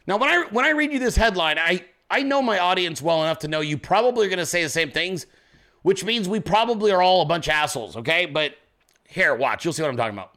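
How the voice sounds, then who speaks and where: A man's voice: high-pitched, lively intonation, fast talker, pushed and bright. A man hosting a political commentary show, blunt and crude, ranting at his audience in casual speech. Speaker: show host.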